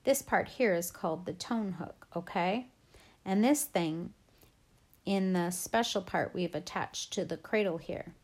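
A woman's voice: lowish voice, measured pace, darkish tone. Woman doing an upbeat ear doctor, joking, reassuring, explanatory, storybook reading. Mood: explaining.

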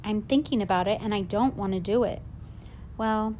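A woman voicing a gently coaxing mother. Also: medium pitch, moderate pace, a little hiss or hum, lightly acted. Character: patient, persuading mother of a boy.

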